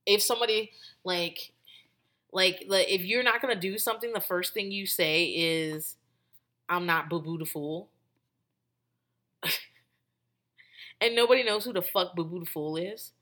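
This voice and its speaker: A woman with a mid-range, bright voice speaks at a normal pace with a forceful edge. She's hosting a podcast and chatting casually, rambling with lots of "like," restarting sentences and swearing freely as she offers loose commentary.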